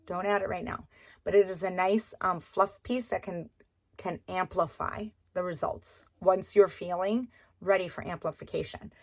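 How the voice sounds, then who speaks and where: A woman's voice: on the low side, fairly even intonation, moderate pace. A woman coaching through a recorded course lesson, chatty and encouraging, often checking in with "okay?" and repeating key points. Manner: encouraging and repetitive.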